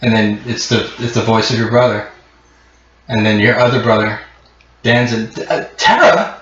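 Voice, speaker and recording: Acting as game master for a tabletop game, a man rambles through his narration with plenty of filler words. His voice sits on the low side and is fairly bright in tone, delivered flatly at a normal speed. The room is muffled and echoey, and a slight hiss or hum is audible.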